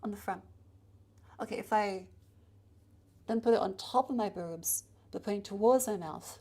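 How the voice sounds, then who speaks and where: A woman's voice: mid-range voice, moderate pace, dark tone, breathy edge. A chatty woman streamer with a mid-range voice, rambling and joking between checks. She holds a handheld mic and moves it around as she talks, at home in her streaming room. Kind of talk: casual live-stream chat. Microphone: handheld mic moved around while testing.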